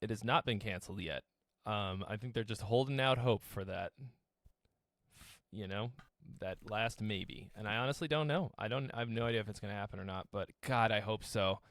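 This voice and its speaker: A man's voice: lowish voice, a little fast, a bit bright, no echo. A man from Massachusetts, a podcast guest, talking in a brash, joking way and swearing freely. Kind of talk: casual profane chat.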